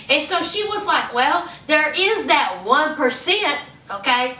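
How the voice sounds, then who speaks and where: A woman giving a sassy, animated casual commentary as a reality TV recap vlogger, slipping into quoted voices. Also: high voice, takes it slowly, few pauses. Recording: echoey room, a bit far from mic, faint noise.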